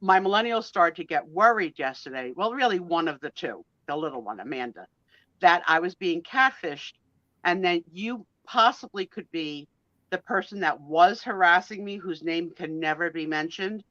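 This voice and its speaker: A woman telling stories in a casual live-stream chat, animated and quick to laugh, acting out what people said. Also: on the low side, no room sound. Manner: animated storyteller, quick laughs, acts out quotes. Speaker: guest co-host of a live sale chat. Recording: dull, dry lo-fi stream audio.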